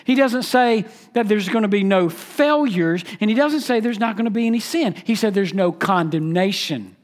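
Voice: mid-range voice, expressive, normal speed. A pastor preaching an expository sermon, emphatic and teaching, repeating key phrases and asking the listeners questions.

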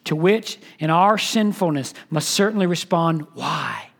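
High-voiced man preaching a sermon. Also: moderate pace. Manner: reads scripture and book passages aloud, drops to a hushed voice for emphasis; repeats words and restarts mid-sentence. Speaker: pastor.

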